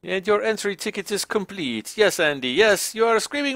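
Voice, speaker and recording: Lively, bright-voiced male game streamer. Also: sits high, normal speed, dry recording, studio quality. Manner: stiff, formal role-play as a border inspector. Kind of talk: live gameplay commentary.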